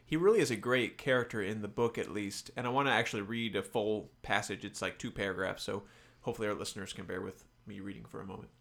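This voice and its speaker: A man's voice: lowish voice, quick pace, creaky, a bit bright. A man co-hosting a podcast, chatting casually about a spy novel with a self-mocking, easygoing manner. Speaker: podcast co-host. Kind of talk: casual book discussion.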